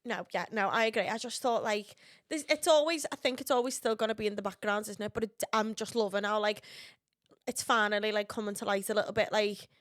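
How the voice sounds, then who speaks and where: A woman's voice: medium pitch, a little fast, fairly bright tone, no room sound. Chatty young Scouse woman, dry sound. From Liverpool, England. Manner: chatty, blunt, swears freely. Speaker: podcast host. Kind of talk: casual chat.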